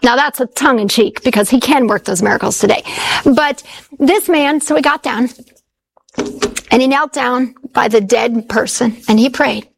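A woman's voice: fairly high pitch, normal speed, gravelly, a little hiss or hum, rough recording. A woman preaching a sermon, telling stories earnestly and repeating key phrases for emphasis.

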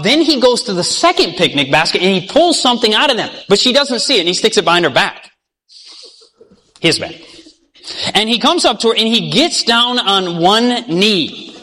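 A man's voice: high-pitched, bright, forceful tone, in a large hall. A man preaching a sermon, telling a story and acting out the voices in it, often asking his listeners questions.

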